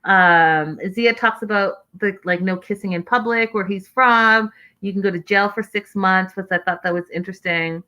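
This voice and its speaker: A woman hosts a reality TV recap show with a bright, forceful voice at an ordinary middle pitch. She talks in a sassy, exasperated way, ranting and mimicking the people she talks about. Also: moderate pace, hardly any pauses. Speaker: host.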